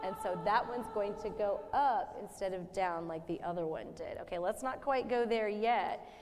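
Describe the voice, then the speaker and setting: A woman's voice: mid-range voice, moderate pace. A woman choir director counting in and giving friendly directions to her singers during rehearsal. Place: rehearsal hall. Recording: long hall reverb.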